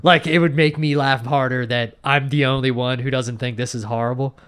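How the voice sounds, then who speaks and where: A man's voice: mid-range voice, fairly even intonation, fairly quick, fairly bright tone, clean tone. A young man co-hosting a podcast in casual chat, rambling with lots of fillers, restarts and swearing. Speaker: podcast co-host.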